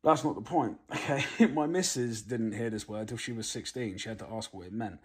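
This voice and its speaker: A man's voice: fairly low pitch, fairly quick. A British man ranting casually to camera, blunt and swearing constantly. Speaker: vlogger.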